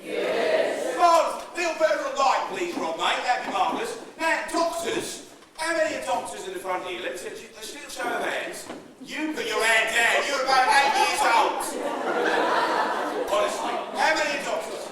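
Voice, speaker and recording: A man's voice: extremely high pitch, animated, normal speed, a crowd in the background. A man compering a live comedy melodrama, cheekily teasing the audience from the stage. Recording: echoey theatre recorded from far off, audience noise. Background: audience laughter.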